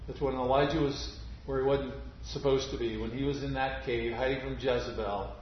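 A man preaching a sermon, slow and deliberate, dropping to near-whisper on key phrases. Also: mid-range voice, steady tone, slight background noise. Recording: muffled, very echoey church recording.

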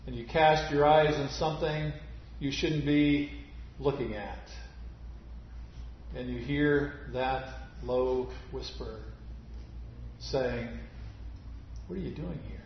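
A man preaching a sermon, slow and deliberate, dropping to near-whisper on key phrases. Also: medium pitch, fairly even intonation, slight background noise. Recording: muffled, very echoey church recording.

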